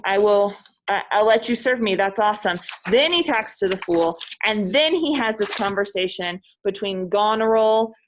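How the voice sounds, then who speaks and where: A woman's voice: lowish voice, fairly bright tone, poor audio. A woman hosting a casual literature discussion, chatty, retelling scenes in everyday speech.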